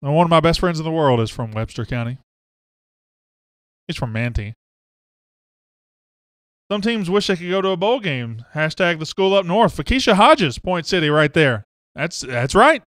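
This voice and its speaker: A man's voice: fairly high pitch, lively intonation, moderate pace, long pauses, fairly bright tone, no echo, clean studio sound. A man, hosting a casual live sports talk show and greeting viewers by name and hometown. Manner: chatty, reads out viewer names and hometowns.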